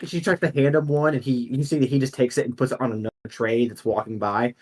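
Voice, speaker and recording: A man's voice: mid-range voice, steady tone, quick pace, a little mellow. A man narrating as game master in a casual way, with many fillers.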